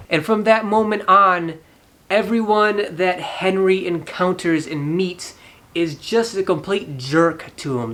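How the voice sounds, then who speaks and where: A man recapping a film for his channel in a casual, animated way, with a slightly higher voice. He laughs often and slips into the characters' voices as he goes. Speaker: movie reviewer, channel host. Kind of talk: casual movie review retelling.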